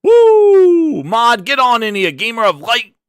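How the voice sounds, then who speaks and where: A man hosting a casual live stream, hyped and shouting out viewers, his voice hoarse after a long day. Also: sits high, lively intonation, moderate pace, dry recording, studio quality. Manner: hyped, shouts out chat names.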